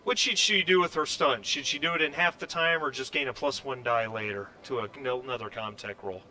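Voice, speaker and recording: Game master guy narrating a sci-fi tabletop session, bright voice, keeps restarting, faint hiss in the background. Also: mid-range voice. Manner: halting, full of fillers and restarts.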